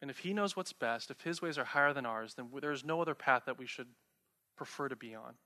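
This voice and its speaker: A young pastor preaches a sermon in a brisk, pushed, bright mid-range voice. He talks conversationally and poses rhetorical questions to his listeners.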